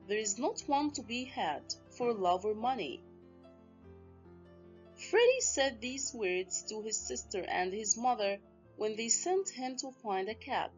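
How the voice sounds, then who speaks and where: A woman teacher narrating a recorded literature lesson, speaking deliberately and addressing her students directly. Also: fairly high pitch, dull audio.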